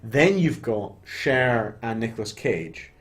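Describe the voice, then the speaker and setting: A man co-hosting a casual film chat, retelling scenes with animated storytelling and frequent swearing. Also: mid-range voice, slow pace. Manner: animated storytelling, swears freely, quotes characters in little voices. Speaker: podcast co-host.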